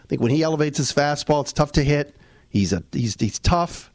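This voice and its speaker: A man co-hosting a casual sports podcast, talking in an animated, rambling way with restarts and fillers. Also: on the high side, a little fast, no room sound. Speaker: podcast co-host.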